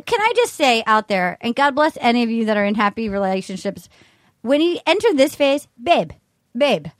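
High-voiced, excitable woman cohost. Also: brisk, dry recording, clean studio sound. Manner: excitable, profane, acts out bits. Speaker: podcast co-host. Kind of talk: casual chat recapping a reality show.

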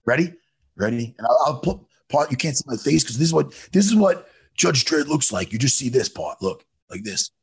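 A man talks in a gravelly, husky voice that swings up and down with lively pitch. He chats casually and animatedly, swearing freely and breaking into impressions. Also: a little fast, few pauses. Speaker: podcast co-host. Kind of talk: casual chat.

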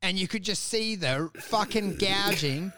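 A man's voice: sits high, measured pace, pushed and bright, no room sound. A man in casual chat, ranting with lots of swearing and acted-out voices. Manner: profane, ranting, acts out voices.

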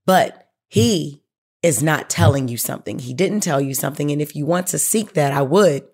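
An advice show host reads listener letters and responds bluntly and emphatically, swearing often, pressing hard on key points, and addressing the listener directly as "baby girl." The voice is middle-pitched, expressive, a little mellow, and moderately paced.

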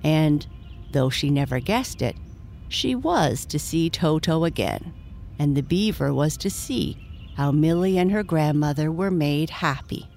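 A woman reading a bedtime story aloud, gentle and measured. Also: sits low, animated, creaky, slight background noise.

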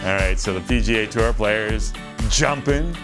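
A man runs through golf highlights as a show host, cracking quick jokes between shots. His voice sits a little low. Music plays softly underneath. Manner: jokey, quick asides over golf highlights. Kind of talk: casual highlights commentary with banter.

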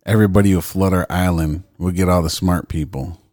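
A man's voice: low voice, fairly even intonation, brisk, a little mellow, no room sound, clean studio sound. A man co-hosting a podcast in casual chat, swearing loosely, laughing a lot and reading news stories aloud. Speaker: podcast co-host.

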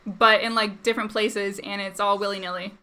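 A woman chatting as a guest commentator, loose and informal, with plenty of fillers and little laughs. Her voice is bright and forward. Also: medium pitch, level tone, a little fast, clear, resonant tone. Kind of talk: casual chat.

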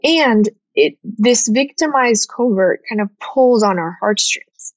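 A woman who is a former therapist, guest on a casual podcast, talking emphatically with quick agreeing interjections. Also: fairly high pitch, expressive, no room sound, lo-fi sound.

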